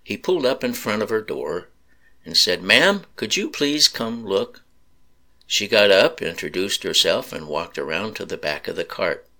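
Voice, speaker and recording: A man slowly narrating a sad story in a solemn reading voice. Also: sits low, pushed and bright.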